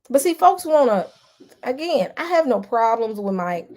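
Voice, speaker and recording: Emphatic, fairly high-voiced woman vlogger. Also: big pitch swings, moderate pace, darkish tone. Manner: emphatic and repetitive, with frequent restarts; addresses the viewers directly. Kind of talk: casual commentary.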